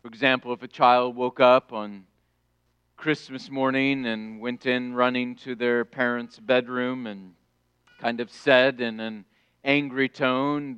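Emphatic preacher man, slow and clear. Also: mid-range voice, flat delivery, dry recording, dull audio. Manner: emphatic, builds to loud declarations then drops soft. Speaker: pastor. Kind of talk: sermon.

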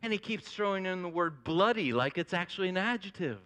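A man preaching a sermon as a pastor, telling an animated illustration to his congregation with rising emphasis. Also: sits high, fairly quick, hardly any pauses.

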